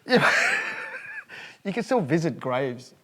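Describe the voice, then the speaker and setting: A young Australian man with a fairly high, bouncy voice that jumps around as he jokes. He giggles through his lines and tumbles over quick restarts in a loose, comedic kitchen chat. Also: very animated, bright, forceful tone. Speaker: comedian guest. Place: kitchen, cutting onions.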